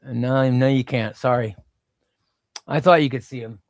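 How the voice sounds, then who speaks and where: A man's voice: medium pitch, steady tone, measured pace, dry recording, clean studio sound. A middle-aged man hosting a casual comic book livestream, rambling and reading chat aloud.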